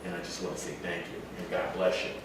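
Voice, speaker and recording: Low-voiced man rambling in an echoey room. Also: completely flat delivery, fast. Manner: rambling, laid-back, swears casually, laughs often. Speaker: speaker telling travel stories. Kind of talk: casual public talk with audience questions. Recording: echoey room, mic far off, faint noise.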